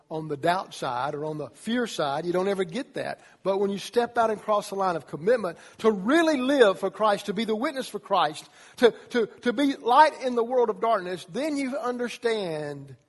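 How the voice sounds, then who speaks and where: A man preaching a sermon to young people as a youth pastor, animated, acting out voices as he tells the story. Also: high voice. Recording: long reverb of a large hall.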